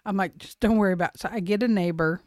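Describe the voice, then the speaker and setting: A middle-aged woman cohosting a podcast tells a chaotic story in lively casual chat, cursing freely and breaking into laughs. Her voice sits at an ordinary middle pitch. It is recorded dry and close, with no room sound. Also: rapid-fire, dry recording. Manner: animated storyteller, swears freely, laughs often. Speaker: podcast co-host.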